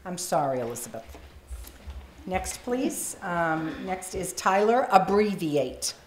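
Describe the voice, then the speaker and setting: A woman's voice: fairly low pitch, sing-song, slow pace, slight background noise. Friendly New England woman moderating a spelling bee, echoey hall. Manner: friendly, encouraging. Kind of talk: explaining rules and reading words aloud.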